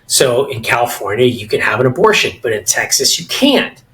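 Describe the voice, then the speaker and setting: Middle-aged man, American accent, mid-pitched voice, opinionated, lively podcast talk, restarts a lot. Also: a little fast, rough recording. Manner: opinionated, animated, frequent restarts. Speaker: podcast co-host. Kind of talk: casual podcast discussion.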